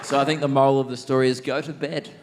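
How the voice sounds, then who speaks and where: A man's voice: medium pitch, flat delivery, fast talker. A man with an Australian accent doing a stand-up comedy set on a theatre stage, often laughing through his own lines. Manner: laughs mid-line at his own jokes. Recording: live theatre recording with faint crowd noise. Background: faint audience laughter.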